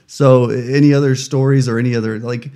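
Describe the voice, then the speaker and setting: A man's voice: mid-range voice, fairly even intonation, brisk, mellow, smooth. Chatty male interviewer. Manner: chatty, rambling questions with fillers. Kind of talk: casual interview.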